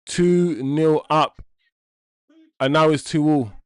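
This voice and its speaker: Young man, football watchalong host, slow and slangy, very dry close-mic sound. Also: fairly high pitch, clear, resonant tone, no room sound. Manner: loud swings from groans to shouts, slang-heavy. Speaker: watchalong streamer. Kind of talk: live football watchalong reaction.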